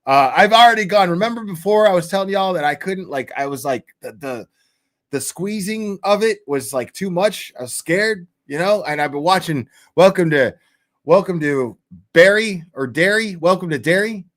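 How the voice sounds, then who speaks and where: A man's voice: high voice, expressive, moderate pace, fairly bright tone. A man hosting a livestream, chatting casually in profane, rambling, jokey rants. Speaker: livestream host.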